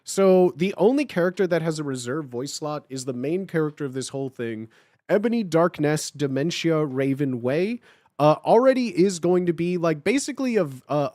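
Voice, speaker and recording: A man's voice: a little high, darkish tone, no echo, clean studio sound. A young man hosting a live stream, chatting casually with viewers, swearing and laughing often. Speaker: livestream host.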